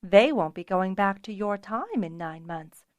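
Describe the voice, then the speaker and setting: A woman reading a calm, frank mother who gives firm advice to younger women. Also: mid-range voice, unhurried, dry recording, close to an everyday voice.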